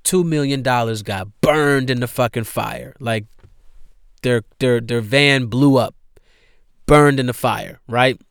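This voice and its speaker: Man, casual movie recap, profane animated storytelling, smooth clear voice, dry close sound. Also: medium pitch, takes it slowly, dry recording. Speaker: movie reviewer.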